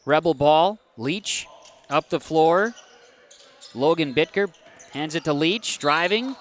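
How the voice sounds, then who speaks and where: A man calling a basketball game live, his voice bright and forceful and pitched a little high. He rattles off passes, fouls and substitutions in quick bursts and jumps up on big plays. Faint gym ambience sits behind him. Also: slight background noise. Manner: rapid, excitable calls that jump up on big plays. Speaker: play-by-play announcer.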